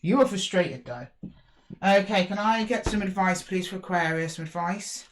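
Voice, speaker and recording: A woman's voice: medium pitch, normal speed, slight background noise. A woman giving a casual, chatty tarot reading, speaking straight to the viewer. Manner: chatty, animated, talks directly to viewer. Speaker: tarot reader.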